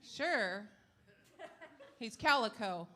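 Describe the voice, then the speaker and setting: A woman's voice: fairly high pitch, expressive, extremely slow, very noisy. A middle-aged woman from Yakima, Washington, doing a brash, salty stand-up set on a live stage. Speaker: stand-up comedian. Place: live comedy stage before an audience.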